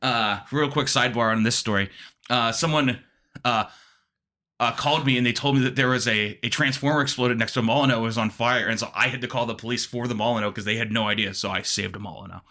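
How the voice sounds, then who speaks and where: A young man, a guest comedian, telling animated stories with lots of fillers and the odd swear. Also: medium pitch, fast talker. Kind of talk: comedic storytelling.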